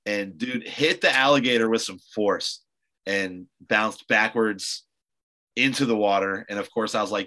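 A man's voice: lowish voice, unhurried, bright, forceful tone, low-quality recording. A man hosting a podcast, chatting casually and rambling through stories with lots of filler words. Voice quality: loose, rambling storyteller with many fillers. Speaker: podcast host. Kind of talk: casual chat.

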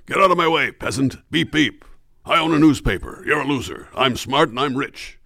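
A man's voice: mid-range voice, expressive, normal speed, gravelly, pushed and bright, no room sound, clean studio sound, voice pushed up, full character voice. A man doing a sneering rich newspaper baron. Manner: sneering, insulting, boastful. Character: arrogant rich old male newspaper baron. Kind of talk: comic voice impression.

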